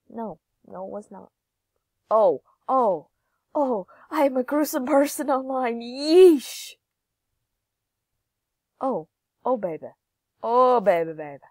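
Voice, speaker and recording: A woman's voice: on the high side, expressive, slow pace, long pauses, darkish tone, no room sound. A young woman giving giggly, playful gameplay commentary, sometimes singing or whispering. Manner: giggly, playful, drifts into sing-song and whispers. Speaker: gaming YouTuber.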